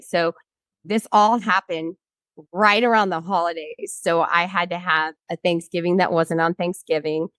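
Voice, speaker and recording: A woman's voice: lowish voice, a bit bright, no room sound. A woman in her thirties, a guest in an interview, telling a personal story bluntly and with frequent swearing, acting out what other people said.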